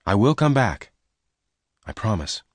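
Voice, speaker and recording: Brief: young cowboy, steady and protective, low voice with lively lift, read by a storyteller. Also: male voice, a little slow, no room sound. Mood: earnest. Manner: calm, plain-spoken, close to the reader's own voice.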